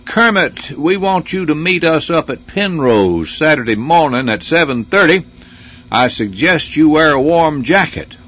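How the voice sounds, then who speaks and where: A man quoting a calm, stubborn older country doctor in a slow Southern drawl, on a radio program. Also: medium pitch, husky. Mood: calm insistent. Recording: dull lo-fi radio recording.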